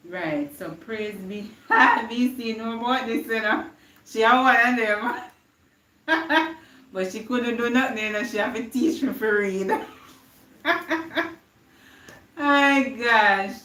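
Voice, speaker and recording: A woman's voice: fairly high pitch, takes it slowly, long pauses, pushed and bright, roomy sound, far from the mic, low-quality recording. A young woman with a Jamaican accent giving an earnest inspirational live-stream talk, slipping into patois now and then. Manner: earnest, preachy, slips into patois. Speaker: live-stream motivational speaker.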